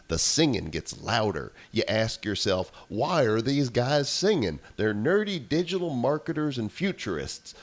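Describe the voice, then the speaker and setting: A man's voice: medium pitch, voice pushed up, natural voice. A man voicing a male truck-driving listener in a put-on Southern US accent, reading in an exaggerated, dramatic way.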